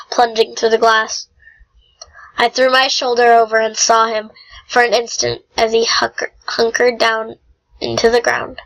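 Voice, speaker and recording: Woman, amateur audiobook reader, slow and measured, slightly high. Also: fairly bright tone, low-quality recording. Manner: unhurried reading with slips and throat-clearing.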